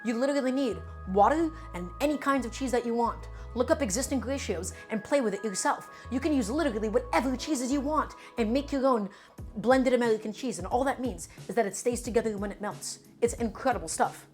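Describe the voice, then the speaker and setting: Woman cooking on a live stream, kinda high voice, chatty and emphatic with her chat. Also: fairly quick, faint music behind. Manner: chatty, emphatic, addresses viewers as friends.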